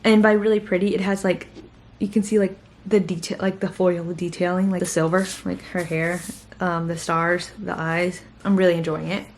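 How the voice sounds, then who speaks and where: Her delivery is flat and her voice on the low side, at normal speed with slight background noise. A tired college student in her twenties, she's a book vlogger gushing casually about reading, with plenty of fillers.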